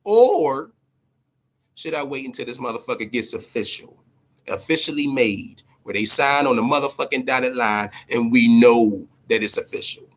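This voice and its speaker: A man's voice: mid-range voice, lively intonation, moderate pace. A man hosting a casual boxing livestream, talking loosely and profanely, repeating himself and answering his chat viewers. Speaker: boxing show host.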